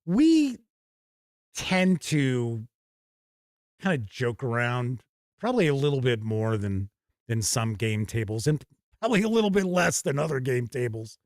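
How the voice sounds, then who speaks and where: A man's voice: mid-range voice, sing-song, measured pace, pauses often, darkish tone. A man hosts a live stream in a loose, conversational way. He reads viewer comments aloud and answers them on the spot. His voice sits in a middle register and sounds close and dry, with no room echo. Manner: chatty, reads out chat comments and responds off the cuff. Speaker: host reading viewer chat. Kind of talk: casual livestream chat.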